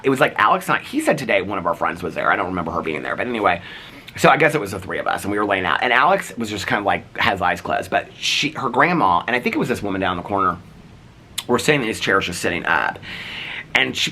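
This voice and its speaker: Animated rambling man telling neighbor stories. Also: deep voice, a little hiss or hum. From United States. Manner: animated, rambling, lots of "like" fillers. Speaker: vlogger. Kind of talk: casual storytelling.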